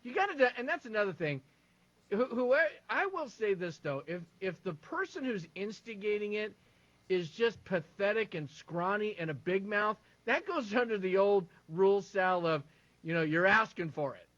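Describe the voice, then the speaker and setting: A man co-hosting a sports talk show, telling animated stories with lots of stumbling restarts. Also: high-pitched, normal speed, no room sound, dull audio.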